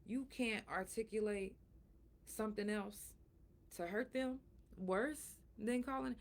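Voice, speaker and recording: A middle-aged woman hosting her own podcast, talking frankly and emphatically, sore and breathy at times from a recent surgery. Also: mid-range voice, slow pace. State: in pain after surgery, soft and breathy at times. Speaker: podcast host. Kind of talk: casual solo talk.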